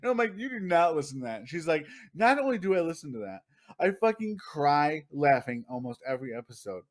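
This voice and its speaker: With a fairly high, sing-song voice and a fairly quick delivery, this podcast co-host chats casually. He tells a heavily profane story, playing out the lines of the other people involved.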